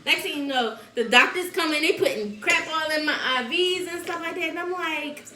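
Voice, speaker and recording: A woman's voice: high voice, normal speed, reverberant, a little hiss or hum. A woman telling a story in a casual chat, laughing often and acting out what people said. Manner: animated, laughs often, acts out quotes. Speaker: host.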